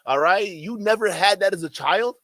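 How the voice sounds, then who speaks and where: Man, reaction commentary, mocking and laughing, bright forceful tone, dry close sound. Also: high voice, moderate pace, no echo. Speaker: commentary streamer.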